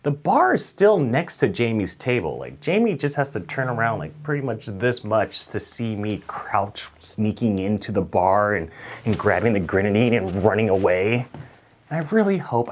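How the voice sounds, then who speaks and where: A young man telling a funny story straight to camera, swinging from loud acted-out outbursts to low mutters. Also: moderate pace. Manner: animated, swings between loud outbursts and mutters, acts out voices. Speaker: storyteller vlogger.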